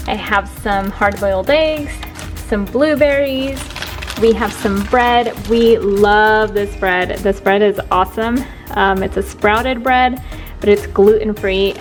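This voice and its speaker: Casual kitchen vlog read: young woman, chatty and loose, self-correcting, soft music under. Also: mid-range voice. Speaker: holistic health coach and vlogger. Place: home kitchen, indoors.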